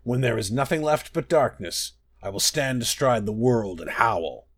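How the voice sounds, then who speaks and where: A man's voice: mid-range voice, lively intonation, moderate pace, a bit bright, no echo, studio quality. A man voicing a huge, ravenous male wolf who snarls his threats, in a storybook reading. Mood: snarling menace.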